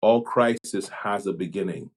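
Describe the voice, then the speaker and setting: In a relaxed podcast conversation, a Jamaican man with a fairly low voice speaks as a pastor and police chaplain. Reflective and halting, he thinks out loud, stumbles over his opening words and restarts many times, then lands his point with calm conviction.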